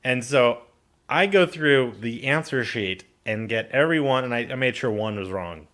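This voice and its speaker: A man telling rambling, profane personal stories to his channel's viewers in a loose, animated way. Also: mid-range voice, moderate pace. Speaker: channel host. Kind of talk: casual storytelling to camera.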